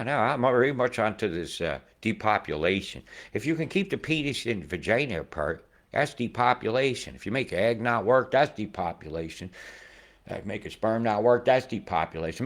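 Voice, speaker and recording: A man in his forties giving rambling weather commentary over maps, who swears freely and swings from mumbling asides to loud outbursts. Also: lowish voice. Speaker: weather video host.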